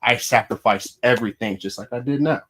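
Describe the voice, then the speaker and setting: A man's voice: medium pitch, brisk, fairly bright tone, slight background noise. A man in his thirties hosting a podcast, talking candidly and profanely about his past and how he changed. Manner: candid, profane, self-reflective. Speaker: podcast host. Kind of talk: casual podcast chat.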